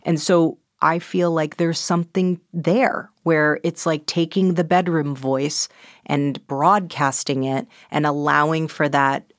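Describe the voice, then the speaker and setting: Low-voiced woman author, dry studio sound. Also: dry recording. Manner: animated, quick, breaks into quick voice impressions. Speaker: author and interviewee. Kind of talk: conversational interview.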